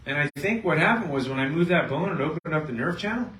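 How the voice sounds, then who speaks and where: Speaking fast in a slightly high voice, a chiropractor at a health seminar animatedly acts out both sides of a patient story for a live audience. The seminar room echoes, and the distant mic picks up faint noise.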